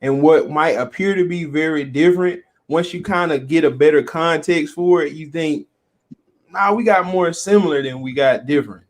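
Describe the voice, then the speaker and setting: A man speaking as a podcast guest in calm, reflective casual chat. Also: fairly high pitch, normal speed.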